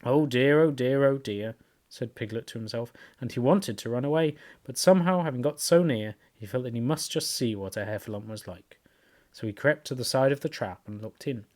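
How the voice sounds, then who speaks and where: A man reading a children's book aloud as the show's host, with expressive, lively storytelling. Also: medium pitch, a little fast. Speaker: reader, show host.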